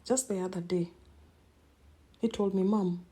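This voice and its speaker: Soft-spoken woman with a dark, husky voice. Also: on the low side, steady tone. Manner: emotional, halting, repeats words. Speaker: podcast host. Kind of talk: personal storytelling monologue.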